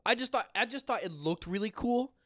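A man's voice: high-pitched, animated, a little fast, a bit bright, no echo, clean studio sound. A man co-hosting a horror film podcast, chatting casually and enthusiastically, swearing freely. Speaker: podcast co-host. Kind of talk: casual chat.

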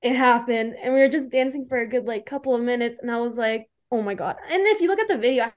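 Young woman gushing about a fan moment, says like constantly, voice sits a bit high. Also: quick pace. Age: young adult. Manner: gushing, filler-heavy with "like". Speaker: fan guest. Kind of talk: casual storytelling chat.

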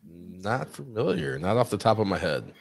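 A man's voice: sits low, big pitch swings, normal speed, gravelly, dry recording. A man co-hosting a stream, chiming in with short, laid-back comments. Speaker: co-host. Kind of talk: casual chat.

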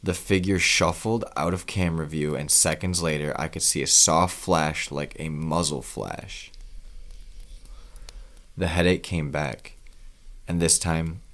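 A man narrating a first-person crime horror story in a measured, grim way. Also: a bass voice, fairly even intonation, a bit bright.

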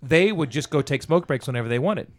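A man with a fairly high voice speaks fast, telling a profane story about an old job in casual conversation. He animatedly acts out the dialogue, quoting what people said.

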